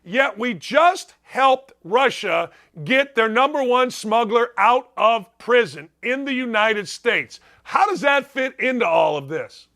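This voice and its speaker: A man's voice: very high voice, animated, slow pace, hardly any pauses, pushed and bright. A middle-aged man hosting a sports talk show, ranting emphatically with rhetorical questions. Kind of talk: opinionated sports talk commentary.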